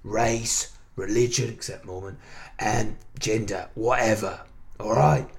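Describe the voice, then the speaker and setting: A man hosting a comic football phone-in, deadpan and awkwardly tactless. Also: fairly low pitch, slow pace, creaky. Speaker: radio phone-in host, ex-pro footballer.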